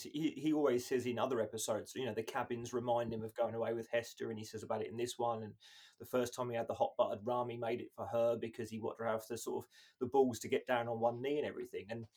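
A man co-hosting a podcast, chatting casually and laughing as he quotes lines. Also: medium pitch. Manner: animated, laughs while acting out lines. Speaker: podcast co-host. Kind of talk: casual chat.

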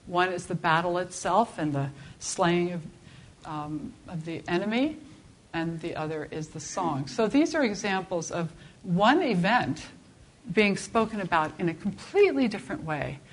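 A woman teaching a Bible class in a conversational, expressive way, often restarting her sentences. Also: lowish voice, normal speed. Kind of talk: informal Bible class lecture.

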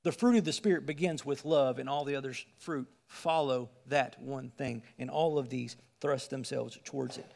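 A man's voice: mid-range voice, normal speed, gravelly, hardly any pauses, darkish tone, long reverb tail. A man preaching a sermon, reading scripture and explaining it in an earnest, emphatic way, asking the listeners direct questions.

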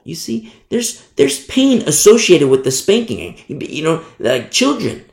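A man's voice: fairly high pitch, sing-song, measured pace, creaky, hardly any pauses, darkish tone. A man preaching a verse-by-verse sermon as pastor, emphatic and repeating his key phrases. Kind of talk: expository sermon. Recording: roomy echo.

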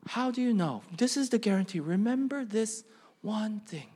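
Aussie pastor guy preaching, pretty high voice, gets loud then goes quiet. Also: moderate pace, slightly rough. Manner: animated preaching, rising questions, drops to quiet emphasis. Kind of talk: sermon.

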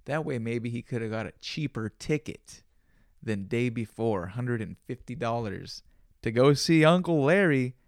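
A man's voice: medium pitch, lively intonation, a little slow, gravelly, dry recording, clean studio sound. A man in his twenties telling a rambling, profane story in slangy casual talk, acting out bits of dialogue. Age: 20s. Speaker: podcast host.

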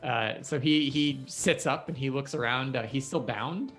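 A man narrating scenes as game master of a tabletop game, relaxed and full of ums. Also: mid-range voice, measured pace, soft background music. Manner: relaxed, with frequent ums while describing scenes.

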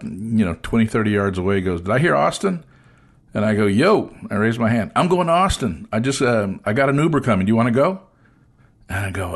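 A man with a lowish voice tells a long anecdote to his guest, jumping into other characters' voices as he goes. His delivery is casual and chatty, the easy pace of a show host sharing a personal story. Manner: animated storyteller acting out dialogue. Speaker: podcast host.

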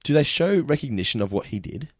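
Male co-host, lively up-and-down delivery, dry close mic, casual film talk. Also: mid-range voice, fast, dry recording. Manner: animated, acts out film characters in quoted voices. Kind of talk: casual chat about films.

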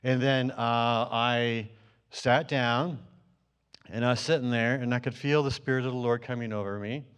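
A man's voice: medium pitch, steady tone, normal speed, a bit bright, clean tone. Man telling a dream to his church. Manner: storytelling, many fillers and restarts. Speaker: church member sharing a dream. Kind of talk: testimony to a congregation.

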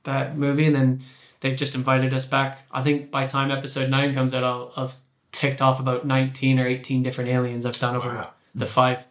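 Casting note: male guest, chatty storyteller, mid-pitched, slightly echoey room. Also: fairly quick. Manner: animated, acts out quotes in his story. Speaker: creature performer guest. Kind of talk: casual storytelling chat. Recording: roomy echo.

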